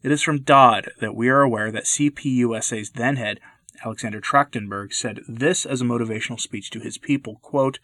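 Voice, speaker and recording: A man reads prepared commentary in an earnest, measured way, leaning on key words for emphasis. His voice sits at an ordinary middle pitch. The recording is close and dry, with no room sound. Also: bright, forceful tone, no echo. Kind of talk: scripted commentary narration.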